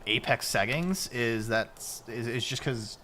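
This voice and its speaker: A man's voice: mid-range voice, unhurried, slight background noise. A male streamer chatting casually and joking while playing a game with a friend. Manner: joking, excitable, swears. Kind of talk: casual gaming chat.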